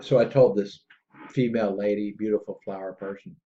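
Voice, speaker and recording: A man hosting a podcast in a casual, rambling monologue that gets excitable. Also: fairly quick. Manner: excitable and rambling, jumps between pitches. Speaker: podcast host. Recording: dull lo-fi audio.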